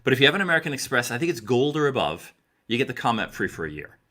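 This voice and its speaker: A middle-aged man speaks straight to his listeners in an earnest, coaching way. His voice sits at a medium pitch, and he drives each point home by repeating it. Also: sing-song, very fast, sharp tone. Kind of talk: direct-to-camera advice talk.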